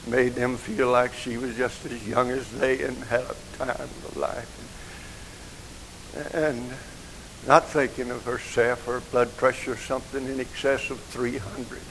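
An older man, preaching an emotional sermon that moves from soft, hushed passages to rising outcries. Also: medium pitch, level tone, a little slow, slight background noise, low-quality recording.

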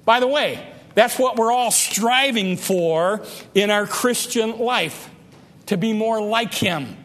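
A man preaching a sermon, emphatic, often repeating and restarting words, rising to loud peaks and dropping low. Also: long reverb tail.

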